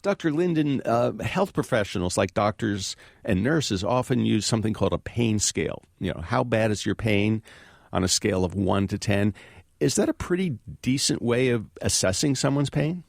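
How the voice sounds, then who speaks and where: A male radio host asks his guest questions in an easy, conversational way. His voice is low and gravelly, with a lot of fry at the ends of his phrases. The sound is dry and close to the mic. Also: expressive, moderate pace, no echo. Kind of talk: casual interview questions.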